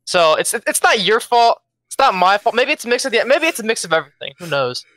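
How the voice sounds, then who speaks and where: A man's voice: sits high, big pitch swings, quick pace, bright, forceful tone, no echo. A young man from Philadelphia with a pronounced Philadelphia accent, a jet-lagged esports player answering interview questions in a laid-back way and repeating words as he thinks. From Philadelphia, USA. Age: young adult.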